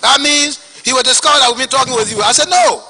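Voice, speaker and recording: A man with a Liberian English accent testifying at a hearing, telling his story in an animated way and acting out the dialogue. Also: very high voice, fast, breathy edge, in a large hall, low-quality recording. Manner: animated, acts out quoted dialogue.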